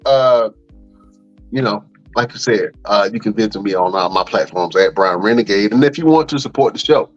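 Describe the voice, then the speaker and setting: Podcast host guy rambling thru plugs, slangy and chill, kinda dull audio w faint music. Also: medium pitch. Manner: laid-back, slangy, rambling. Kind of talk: casual podcast outro plugs.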